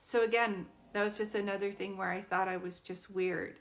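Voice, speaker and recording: A woman's voice: medium pitch, steady tone, normal speed. A woman in her fifties, a psychic medium, telling a personal story in a chatty, earnest way with frequent fillers and restarts. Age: 50s.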